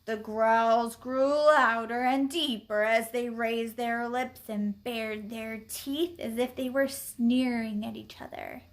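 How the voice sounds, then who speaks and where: A woman reading a children's book aloud, expressive and deliberate. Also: fairly high pitch. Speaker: story reader.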